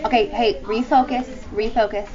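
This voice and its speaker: A woman teacher reading a novel aloud to her class in a classroom, talking briskly and often hushing the students. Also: fairly high pitch, steady tone, crowd noise. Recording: dull lo-fi classroom recording.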